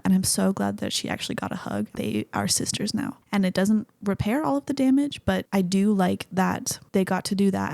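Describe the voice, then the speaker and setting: Young woman, podcast host, gravelly fry, mellow dark tone, rambling casual chat, swears. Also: medium pitch, no room sound. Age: young adult. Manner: rambling and chatty, with lots of "like" and swearing.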